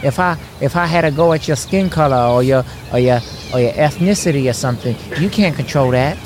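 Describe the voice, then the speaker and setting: A man's voice: mid-range voice, a little fast, lightly acted. Aggrieved male skunk with street slang, as a man puts him on; stammering, noisy take. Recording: clear background noise.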